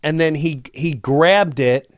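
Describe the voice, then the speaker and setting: Guy telling a funny story, high lively voice, laughs and swears a lot, dry sound. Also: slow, no room sound. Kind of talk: casual anecdote.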